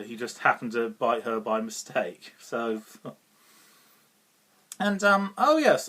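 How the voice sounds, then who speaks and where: A man's voice: mid-range voice, fairly bright tone. A British man giving a casual, rambling film review, often chuckling and restarting his sentences. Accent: British English. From Britain.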